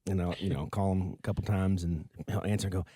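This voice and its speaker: A man's voice: deep voice, steady tone, quick pace, dark tone, slightly rough, no echo, clean studio sound. A man co-hosting a podcast, friendly and joking as he signs off the show. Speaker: podcast co-host. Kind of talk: casual podcast chat.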